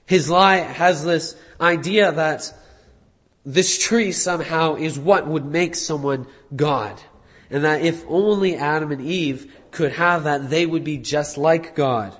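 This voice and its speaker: A man explaining a Bible passage in a measured, teaching way, pausing with fillers and restarting phrases now and then. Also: on the high side, fairly bright tone, in a large hall. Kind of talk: explanatory Bible study talk.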